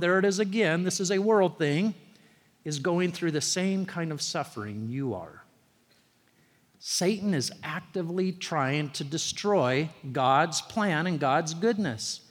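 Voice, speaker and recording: Man preaching in a church, high voice, chatty and storytelling, punches up the big lines, lots of hall echo. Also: animated, a little slow. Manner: conversational storytelling preacher, rising emphasis on key phrases. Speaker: pastor. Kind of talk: sermon.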